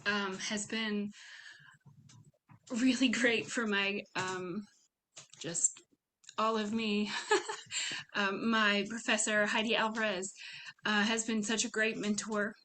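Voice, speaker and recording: Bright-voiced nervous woman accepting an award. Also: medium pitch, fairly even intonation, slow pace, long pauses. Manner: nervous, emotional, many ums. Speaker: graduate student award winner. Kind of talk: acceptance speech.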